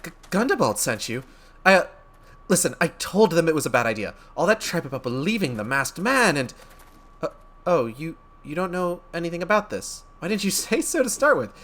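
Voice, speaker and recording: A man's voice: on the high side, sing-song, a little fast, fairly bright tone, pitched above the performer's own voice. A man doing a jittery young troublemaker. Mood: defensive. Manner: jittery, stammering, evasive. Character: nervous, defensive young man.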